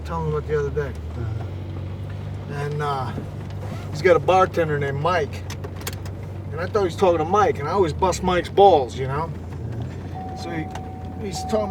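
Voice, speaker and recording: A man telling a lively, profane anecdote in casual chat, acting out the quotes. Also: on the high side, moderate pace, pauses often, background noise. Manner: animated storyteller, acts out quotes, swears.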